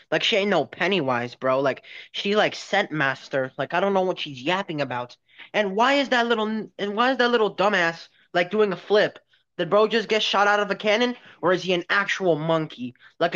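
A man's voice: high-pitched, a bit bright, highs cut off. A young man giving profane, incredulous roast commentary on a cartoon.

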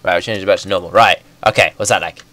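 A young man with a cold, rambling and excitable as he comments on his own gameplay. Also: low-pitched, fast. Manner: excitable, rambling, self-correcting. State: stuffy with a bad cold. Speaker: gaming YouTuber. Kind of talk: casual game commentary.

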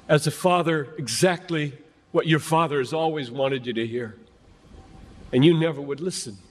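A man in his fifties preaching to a large youth gathering, earnest and emphatic, building his points through repetition. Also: mid-range voice. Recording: long hall reverb.

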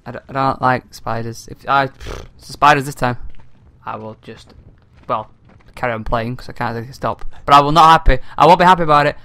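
A man's voice: medium pitch, brisk, sharp tone, no echo. A young man doing joking, self-mocking commentary over a game he is playing, laughing often. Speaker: let's play gamer.

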